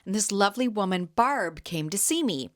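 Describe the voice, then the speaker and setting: A woman in her thirties from Canada, hosting a podcast and telling a chatty story with quick laughs. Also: medium pitch, animated. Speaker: podcast host and jam vendor. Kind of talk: casual storytelling.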